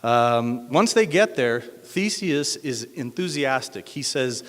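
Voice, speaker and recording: A man's voice: medium pitch, expressive, takes it slowly. A man from Denver telling a myth at a cafe open mic, hesitant with many fillers. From Denver, USA. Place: cafe event room. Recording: echoey hall.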